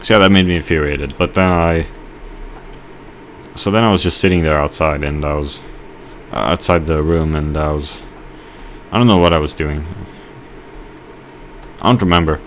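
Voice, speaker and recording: A man giving rambling let's play commentary, telling a halting story with mock outrage while he plays. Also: rumbling low, a little hiss or hum. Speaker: gamer.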